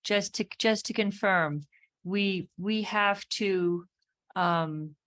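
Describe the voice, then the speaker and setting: Slow, careful woman on a town board. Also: mid-range voice, fairly bright tone. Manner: careful, deliberate. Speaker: planning board member. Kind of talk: meeting discussion. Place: town meeting room.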